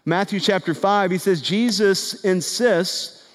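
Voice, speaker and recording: A man preaching a sermon in an earnest style. He builds to emphatic repeated phrases and drops low and quiet on key words. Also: takes it slowly. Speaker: pastor. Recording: long hall reverb.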